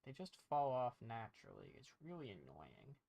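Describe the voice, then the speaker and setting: A woman's voice: rumbling low, huge pitch swings, normal speed, mellow. A woman chatting casually to herself as she paints, rambling and playful. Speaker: streamer painting on camera. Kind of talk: casual chat while painting.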